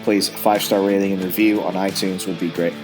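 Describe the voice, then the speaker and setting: Earnest low-voiced man hosting a podcast. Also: flat delivery, quick pace, over music. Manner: earnest, rambling with restarts. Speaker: podcast host. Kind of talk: casual reaction commentary.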